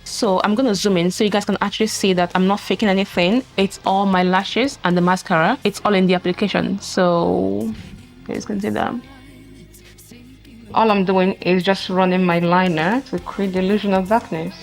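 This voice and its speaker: A makeup vlogger walks through a mascara tutorial step by step, chatty and exclaiming often as she narrates each stage. Her medium-pitched voice has vocal fry and little pitch movement, at normal speed, with faint music behind.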